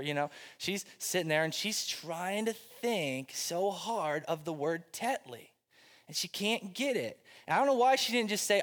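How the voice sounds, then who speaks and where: A middle-aged male pastor delivers a sermon in a relaxed, storytelling manner, poking fun at himself. His voice sits somewhat high for a man. The room carries a long, ringing reverb like a big sanctuary. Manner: conversational storytelling, self-deprecating humor. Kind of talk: sermon with personal anecdote. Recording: long reverb of a large hall.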